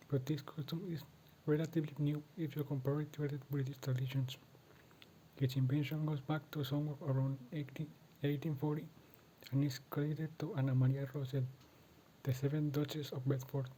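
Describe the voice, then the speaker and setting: A man's voice: a little high, little pitch movement, a little fast, dark tone, slight background noise, poor audio. Spanish-accented man presenting to class. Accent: Latin American Spanish. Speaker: student presenter.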